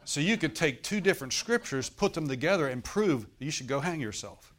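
A man's voice: fairly high pitch, animated, a little fast, fairly bright tone. A middle-aged man preaching a sermon as pastor, in a conversational way, putting rhetorical questions to his congregation.

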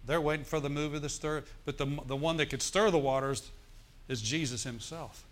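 A pastor speaks a little fast in a higher-leaning voice, preaching with call-and-response asides to the congregation. He tells his stories with animation and acts out forced laughter.

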